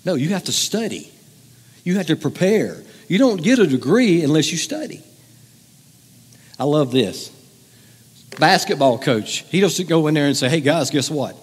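A male pastor preaches a sermon in a loose, conversational way, teasing and joking with his congregation. His voice sits a bit high, and his words carry a long reverb through a large church hall. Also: sing-song, normal speed, pauses often, slightly rough.

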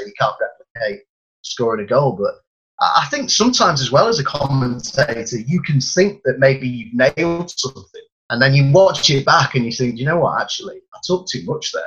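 A man's voice: mid-range voice, expressive, brisk, fairly bright tone, dull audio. A man who works as a football commentator, talking earnestly about his job and often repeating words as he starts a sentence. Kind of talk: casual chat.

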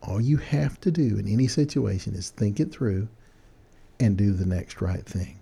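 An older man giving friendly, animated advice to young people in a folksy storytelling manner. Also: lowish voice, normal speed, vocal fry, breathy edge. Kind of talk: casual talk.

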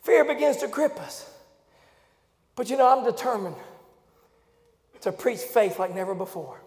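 Fiery high-pitched preacher, gravelly. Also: male voice, expressive, measured pace. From Louisiana, USA. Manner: fiery preaching, swinging from shouts to low hushed tones. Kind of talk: revival sermon. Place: church sanctuary. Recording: echoey church hall with faint congregation.

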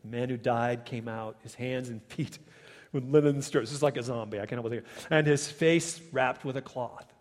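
A male pastor delivering a sermon in a church, moving from quiet asides to rising, emphatic preaching. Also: mid-range voice, normal speed. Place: church sanctuary. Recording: long reverb of a large hall.

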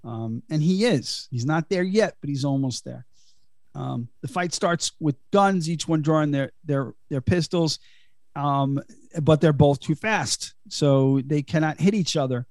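A man's voice: on the high side, unhurried, a little mellow, no room sound, clean studio sound. A man hosting a podcast, giving a casual, chatty film recap full of fillers and laughs. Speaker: podcast host.

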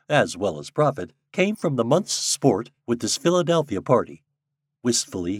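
A man reading a story aloud as narrator in a calm, storytelling manner. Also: mid-range voice, husky, no echo, clean studio sound. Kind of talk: audiobook narration.

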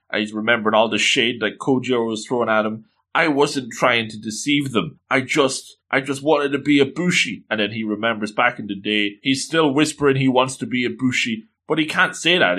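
A young man excitedly recapping a story, jumping to sudden high exclamations and reading characters' lines in quick asides. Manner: animated, swings pitch up for exclamations, voices characters in quotes. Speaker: manga recap narrator.

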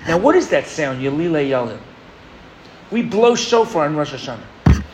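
A man's voice: fairly high pitch, normal speed, a little hiss or hum. A man from New York giving a sermon as a rabbi, telling stories and asking his audience "right?". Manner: storytelling, animated, engages the audience with "right?". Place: rooftop gathering.

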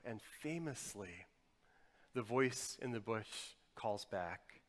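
Man, pastor, sermon, swings between loud emphasis and quiet intimacy, long hall reverb. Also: medium pitch, lively intonation, takes it slowly.

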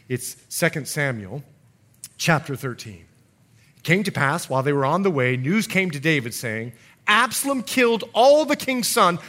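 A middle-aged man preaching a sermon as pastor, telling stories with lively, acted-out voices. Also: sits high. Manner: animated storytelling, acting out quoted voices.

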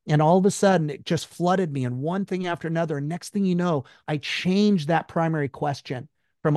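A man, a guest in an interview, telling a personal story in an emphatic, high-strung way and swearing freely. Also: fairly quick, darkish tone, no room sound, clean studio sound.

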